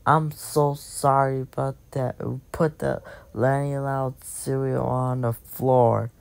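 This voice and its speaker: A woman voicing Sid Chang, a slow, sheepish girl. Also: very deep voice, level tone, gravelly, a little mellow, clean tone, dry recording, heavily acted. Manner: halting, repetitive apologies with fillers. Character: young girl apologizing to her family. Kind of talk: fan-made cartoon voice acting.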